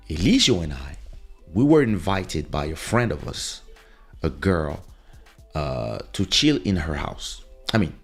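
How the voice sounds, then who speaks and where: A man with a very low, gravelly voice tells a loose, rambling story as a podcast host. His tone is husky and a bit rough, and he talks into a close studio mic. Faint music plays in the background. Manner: loose, rambling anecdote telling with restarts. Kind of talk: casual storytelling. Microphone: studio podcast microphone.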